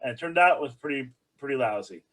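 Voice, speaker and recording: A man's voice: mid-range voice, animated, quick pace, fairly bright tone. A male rabbi teaching a bible study class in a conversational, joking, explanatory way.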